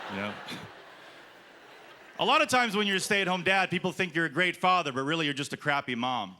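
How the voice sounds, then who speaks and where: Stand-up comic with a higher voice. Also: male voice, big pitch swings, quick pace. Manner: storytelling, acts out quoted lines. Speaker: stand-up comedian. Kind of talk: stand-up comedy set. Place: comedy festival stage. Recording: live club with crowd and noise. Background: audience laughing.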